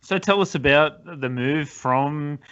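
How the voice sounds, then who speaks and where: A man's voice: on the high side, slow pace, a bit bright, clean tone. A man with an Australian accent hosting a podcast, asking hesitant, casual questions with "um" and "sort of". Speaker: podcast host. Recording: slightly muffled lo-fi audio.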